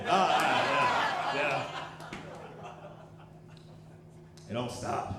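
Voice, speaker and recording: A man in his thirties performing a profane, animated stand-up comedy set on a club stage. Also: sits high, brisk, very noisy. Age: 30s. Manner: animated, profane, loud punchlines. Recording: roomy live club recording with crowd. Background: audience laughter.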